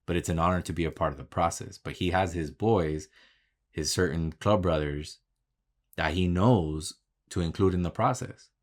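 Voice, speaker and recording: A man's voice: deep voice, normal speed. A man talking in a casual, candid vlog monologue, swearing freely and telling stories about his work. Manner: profane, candid, talks through stories. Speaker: vlogger.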